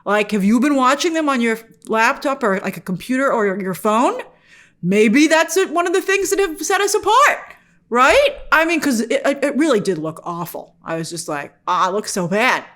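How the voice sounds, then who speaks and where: At a moderate pace, a woman with a fairly high, pitch-leaping voice delivers casual review commentary for her online show. She addresses viewers directly with questions, mock-quotes characters often, and comes across as animated and exasperated.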